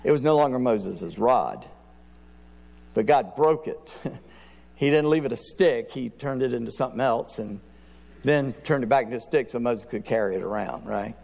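A man's voice: medium pitch, normal speed, gravelly, darkish tone, in a large hall. A middle-aged man preaching a sermon in a folksy storytelling manner. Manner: folksy storytelling, acts out prayers and dialogue. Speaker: pastor.

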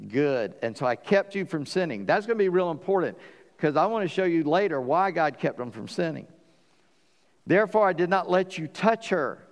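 A man preaching a sermon as pastor, lively and animated, acting out the voices in the story. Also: on the high side, big-room sound.

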